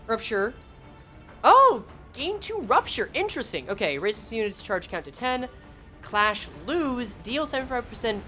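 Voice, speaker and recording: A woman's voice: on the high side, fairly bright tone. A woman streaming a game, reading skill text aloud and joking sarcastically with her chat.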